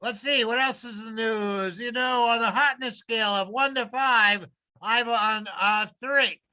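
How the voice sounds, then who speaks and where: A man's voice: very high voice, steady tone, measured pace, bright, forceful tone, clean tone, heavily acted, poor audio. A man playing a smug male Smurf talk-show host, delivering a corny self-satisfied monologue in a comedy sketch. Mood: joking.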